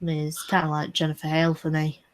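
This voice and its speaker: A woman's voice: low-pitched, monotone, fast talker. A woman chatting on a livestream, giving firm, opinionated commentary. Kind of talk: casual chat on a livestream.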